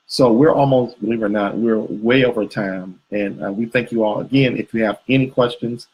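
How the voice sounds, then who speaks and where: Husky-voiced man hosting a live show. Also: on the low side, steady tone, brisk, muffled recording. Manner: rambling, with fillers and restarts. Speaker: co-host of a couples show. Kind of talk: live video chat with viewers.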